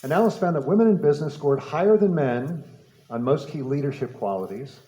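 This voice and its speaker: A man's voice: on the high side, animated, a little fast, dark tone, reverberant, poor audio. A man giving a public talk, telling a personal story with repeated words and light laughter. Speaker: speaker. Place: talk venue.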